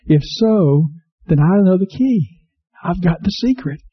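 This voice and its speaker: An unhurried male pastor with lively intonation and a slightly rough voice preaches an earnest sermon. He repeats himself and asks the congregation questions, heard through a slightly dull low-fidelity recording.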